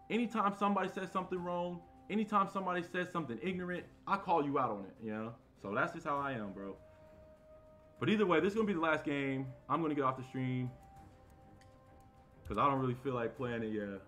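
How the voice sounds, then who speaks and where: Male streamer, loud talker with a forceful, tense voice pitched a bit high, heated rant, faint game music behind. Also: expressive, fast. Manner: heated, defensive, sets the record straight. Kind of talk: live-stream rant while playing.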